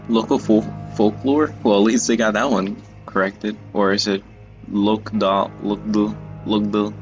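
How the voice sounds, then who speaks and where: A man's voice: on the low side, little pitch movement, a little slow, muffled recording, soft background music. A man giving casual, jokey let's-play commentary, often stumbling over words and mocking himself. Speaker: gaming YouTuber.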